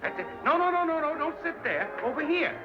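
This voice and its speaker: A flustered party host from an old comedy film, bossing guests around in a high, lively voice. The sound is dull, like an old film soundtrack, with music playing behind him. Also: male voice. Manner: hurried, fussing, repeating orders. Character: flustered male party host, fussy and bossy.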